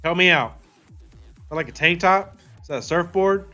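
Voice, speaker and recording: A man's voice: high voice, normal speed, pushed and bright, muffled recording, faint music behind. A man hosting a casual gaming livestream, reading viewer chat aloud and answering playfully. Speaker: livestream host.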